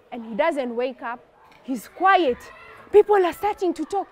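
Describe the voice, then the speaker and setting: Animated high-voiced woman telling kids' tales. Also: normal speed. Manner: animated, expressive, playful. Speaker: children's storyteller. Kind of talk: telling a story to children.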